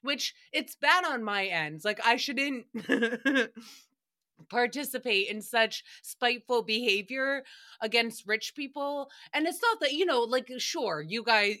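Bright-voiced woman podcaster, chatty and profane. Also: fairly high pitch, lively intonation, a little slow. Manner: chatty and profane, laughs often. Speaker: podcast host. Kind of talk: casual solo recap podcast.

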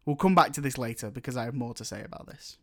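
A man in casual chat, opinionated and animated as he rants. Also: mid-range voice, quick pace.

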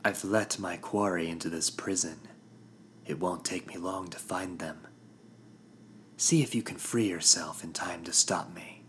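A man voicing a cold, amused female inquisitor in a low, menacing whisper while narrating a story. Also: unhurried, a bit bright, slight background noise. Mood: coldly amused. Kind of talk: narrated audiobook acting. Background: background music.

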